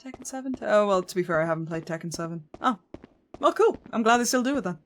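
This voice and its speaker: A woman's voice: medium pitch, lively intonation, fast talker, a little hiss or hum. Chatty American woman streamer. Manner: chatty, reacts aloud to viewer comments. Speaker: game streamer. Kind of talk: casual chat with viewers while playing.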